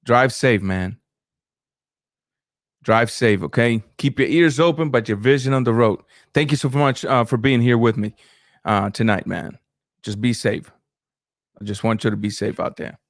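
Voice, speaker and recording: Male streamer, relaxed and talkative, even middle voice, dry close recording. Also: mid-range voice, normal speed, long pauses, no echo. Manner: laid-back, chatty, reads viewer comments aloud. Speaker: live stream host reacting to boxing. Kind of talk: casual live-stream commentary.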